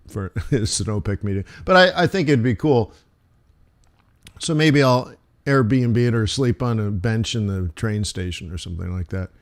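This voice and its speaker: Animated man streaming forex commentary. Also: lowish voice. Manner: animated, jokey, talks fast with laughs and asides. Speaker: live forex trading streamer. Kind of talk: casual live-stream market commentary.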